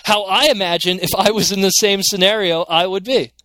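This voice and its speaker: Male podcast co-host, bright and high-pitched; animated, filler-heavy casual chat. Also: dry recording. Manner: animated, fast, lots of "like" and "you know".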